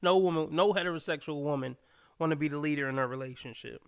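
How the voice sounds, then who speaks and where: A man's voice: a little high, fast, clear, resonant tone. A man commenting on a clip during a livestream, blunt and profane, mocking people by quoting them.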